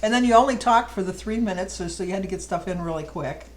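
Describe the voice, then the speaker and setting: A middle-aged woman vlogger chats casually, rambling fondly through a list of questions as she tells stories. She talks fast in a mid-range voice, and the audio is poor.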